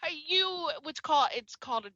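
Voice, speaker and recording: Bubbly high-voiced woman host. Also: fairly quick, no room sound, dull audio. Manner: gushing, animated, exclamatory. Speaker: radio show host. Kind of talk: enthusiastic radio interview.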